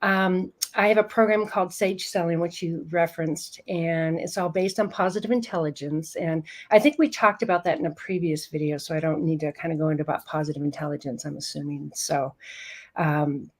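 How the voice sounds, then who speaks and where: A woman's voice: deep voice, steady tone, brisk. A woman in her fifties, a program founder telling a heartfelt story in an interview and laughing often as she goes. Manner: warm, emotional storyteller who laughs often.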